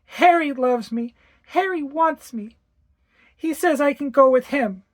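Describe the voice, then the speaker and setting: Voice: sits high, a little slow, pitched above the performer's own voice. A reader voicing a sad, stubborn little adopted girl in a ghost story, pleading and cold.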